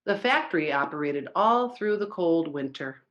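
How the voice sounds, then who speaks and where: Expressive woman reading a story. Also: sits low, highs cut off. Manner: expressive, slow, engaging the listeners. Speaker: story reader at a church service. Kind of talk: reading a children's story aloud.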